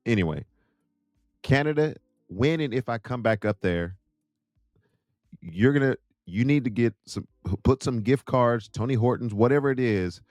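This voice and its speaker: A man from the United States shares travel stories on the show he hosts, keeping it casual and full of jokes. His voice sits on the low side in a dry, clean studio recording, and he animates his quotes with put-on voices.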